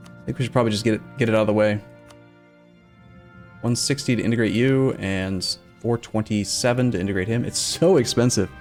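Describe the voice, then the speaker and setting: A man's voice: fairly low pitch, darkish tone. Man thinking aloud over a strategy game. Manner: chatty, thinking aloud, reads chat aloud. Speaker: streamer playing a strategy game. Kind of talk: casual let's-play commentary.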